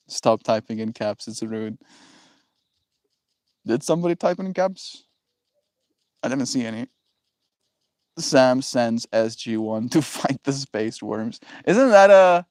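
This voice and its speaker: Slow, rambling man chatting with viewers. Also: mid-range voice, darkish tone, no room sound. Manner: rambling and reflective, laughs often. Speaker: livestream host. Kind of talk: casual chat with viewers.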